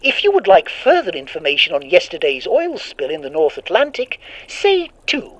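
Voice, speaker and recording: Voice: medium pitch, wildly swooping pitch, moderate pace, fairly bright tone. A storyteller voicing a strange, bubbly automated hotline that recites options formally, sounding far off like a phone. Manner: bubbly, formal, recorded-message tone.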